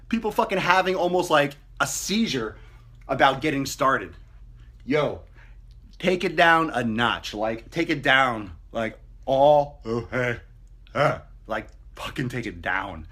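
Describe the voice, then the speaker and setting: His voice is fairly high and sing-song, measured in pace, fairly bright, with a breathy edge. As a fitness coach giving a casual motivational talk to camera, he's blunt and swears freely, mocking people by putting on voices.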